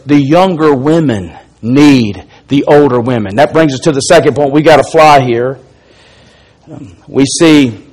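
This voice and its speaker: Emphatic Alabama preacher, higher voice. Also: male voice, darkish tone, poor audio. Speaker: pastor. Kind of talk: sermon.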